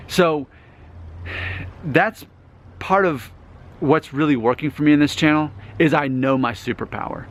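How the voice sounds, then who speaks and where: A man's voice: a little high, a little slow, long pauses. A man in his thirties vlogging in a casual, rambling, self-assured way, often restarting his sentences. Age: 30s. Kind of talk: casual talking-head vlog.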